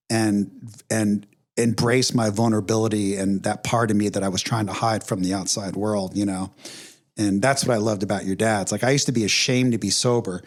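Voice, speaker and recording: A middle-aged man hosting a podcast, speaking candidly and with emotion, with many fillers and restarts. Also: on the low side. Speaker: podcast host. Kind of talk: casual conversation.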